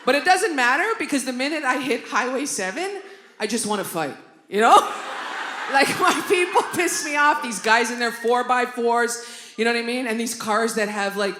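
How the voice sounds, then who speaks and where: A woman comedian from Canada performing a stand-up routine on a club stage, animated, with loud outbursts and constant asides to the crowd. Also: a little high, normal speed. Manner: animated, loud outbursts, constant "right?" and "you know what I mean?". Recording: roomy live club recording with noise.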